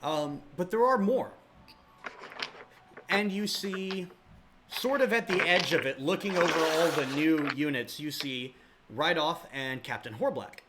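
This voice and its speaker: A man's voice: on the high side, unhurried, noisy background. A man narrating as game master in a casual, rambling way with many fillers.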